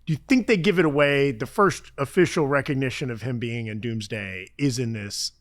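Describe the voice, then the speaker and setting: A man's voice: medium pitch, a little fast. A man co-hosting a movie rumor show, musing aloud and throwing questions at his partner. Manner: musing, asks lots of questions. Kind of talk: casual podcast chat.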